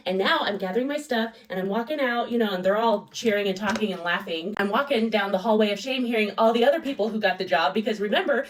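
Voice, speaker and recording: A woman in her thirties rattles through a casual storytime at a quick clip, sassy and self-mocking, with sudden bursts of mock excitement. Her voice sits a little back from the mic. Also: mid-range voice, distant mic, a little hiss or hum, poor audio. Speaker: storytime vlogger.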